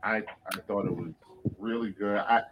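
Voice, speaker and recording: A man's voice: on the low side, steady tone, moderate pace, muffled recording, noisy background. A man co-hosting a podcast, speaking casually with hesitant, stammering restarts. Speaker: podcast co-host. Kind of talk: casual chat.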